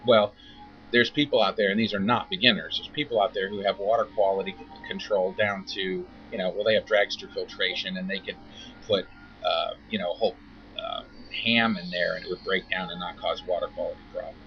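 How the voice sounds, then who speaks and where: A fairly low-voiced man talks through koi care in a loose, chatty way, dropping into wry mock quotes now and then. The recording is dull and lo-fi. A faint hiss sits under his voice. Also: steady tone, a little fast. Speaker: koi veterinarian. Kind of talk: informal educational talk.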